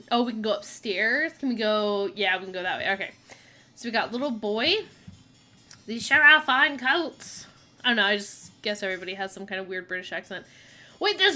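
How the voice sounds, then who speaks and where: Young woman, game streamer, bright voice, a bit high, chatty, reads text aloud, laughs easily. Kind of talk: casual gameplay commentary. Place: home streaming setup.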